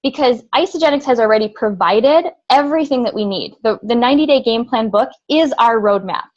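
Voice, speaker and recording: Upbeat woman team leader, slightly high voice, rallies the group on a call with rhetorical questions. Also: brisk, muffled recording.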